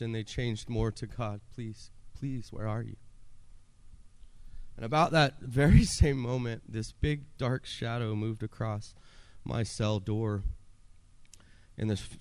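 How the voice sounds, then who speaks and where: A man's voice: mid-range voice, clean tone, dry recording. Earnest man telling his story, dry sound. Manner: earnest storytelling, acts out his own past pleas. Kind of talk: personal testimony talk.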